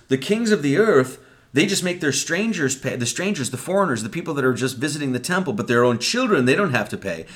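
Animated man giving a casual sermon. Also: mid-range voice. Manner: conversational, acts out quoted lines, swears casually. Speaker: preacher. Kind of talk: casual Bible-study sermon.

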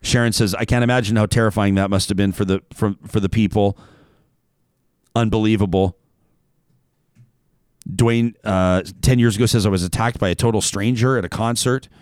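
A man's voice: fairly low pitch, fairly even intonation, normal speed, pauses often, a little mellow, no echo, clean studio sound. A man hosting a talk radio show, chatting casually, reading listener messages and sponsor spots, often restarting his sentences. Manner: conversational, frequent restarts and filler words. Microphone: studio microphone.

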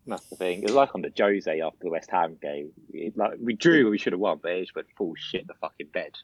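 Low-ish lively voice, crude sweary co-host, mocking banter. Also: male voice, fairly quick, no echo, rough recording. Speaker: podcast co-host. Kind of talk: casual chat.

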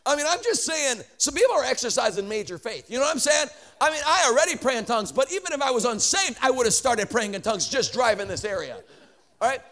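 High-voiced man preaching a story sermon. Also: quick pace. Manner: animated, joking asides, many "I mean" restarts. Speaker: traveling preacher.

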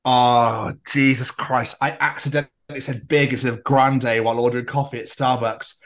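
A man co-hosting a casual podcast, reading out posts in a sarcastic, sweary, deadpan way. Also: mid-range voice, fairly quick. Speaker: podcast co-host.

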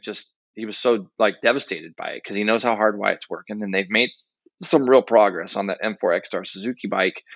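A man's voice: on the low side, a bit bright. Man on a dull lo-fi call. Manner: chatty, ribbing, loose fillers. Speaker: podcast co-host. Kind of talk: casual chat about motorcycle racing. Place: hotel room. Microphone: remote call with a dropping connection.

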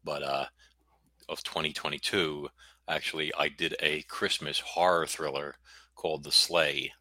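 Man, middle-aged, faint brooklyn accent, booming low voice, dry video-call sound, rambling guest chat. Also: little pitch movement, a little slow, sharp tone, dry recording. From United States. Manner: rambling, self-interrupting, reads a synopsis aloud. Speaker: author guest. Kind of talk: casual interview chat.

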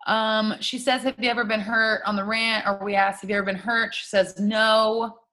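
A young woman co-hosting a podcast in casual chat, frank and quick to swear, laughing often. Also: on the high side, little pitch movement, sharp tone. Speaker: podcast co-host.

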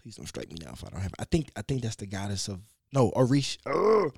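A man telling a story in a casual conversation, loose and animated, with slang, cursing and frequent restarts. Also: fairly low pitch, fast, gravelly, husky, dry recording, clean studio sound.

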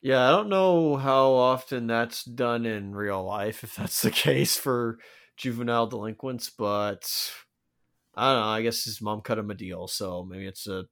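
A man's voice: mid-range voice, a little slow, fairly bright tone. A man co-hosting a podcast, chatting about a movie in a rambling, speculative way with lots of fillers. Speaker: podcast co-host. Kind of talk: casual film commentary chat.

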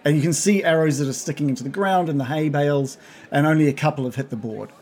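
A man's voice: a little high, fast, a little mellow. A man narrating a tabletop role-playing game as game master, with frequent fillers and restarts. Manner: hesitant, many fillers and restarts.

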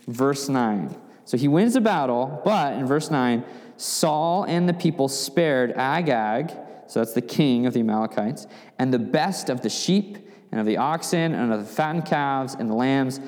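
A man's voice: medium pitch, a little mellow. Man teaching scripture in reverberant hall. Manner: conversational, with frequent "right?" asides and restarts. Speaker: Bible teacher. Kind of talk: Bible teaching.

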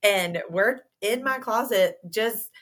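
A woman's voice: mid-range voice, takes it slowly, a bit bright. A young adult woman, a podcast guest telling a story in a casual interview. She talks animatedly and laughs and giggles often.

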